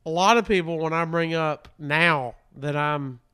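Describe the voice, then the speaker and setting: A man's voice: fairly high pitch, a little slow, sharp tone, smooth. A man, a radio host in casual chat, tossing in playful quips. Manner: playful interjections, mock British quips.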